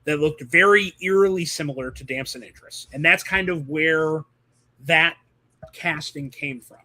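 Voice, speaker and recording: A man hosting a casual movie podcast, rambling and animated with lots of fillers over a video call. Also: on the high side, moderate pace, dry recording. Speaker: podcast host.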